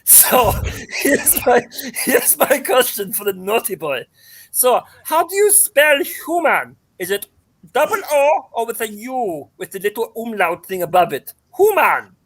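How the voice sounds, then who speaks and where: A man's voice: extremely high pitch, sing-song, unhurried, a bit bright, exaggerated voice. A man voicing a flirty German caller who keeps teasing with a put-on German accent.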